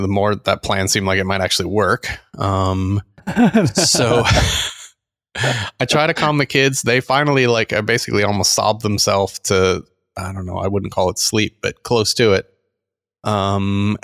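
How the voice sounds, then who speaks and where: Middle-aged man, low with some gravel, chatty podcast storyteller doing quotes. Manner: animated anecdote teller, acts out quotes. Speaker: podcast co-host. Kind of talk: casual storytelling chat.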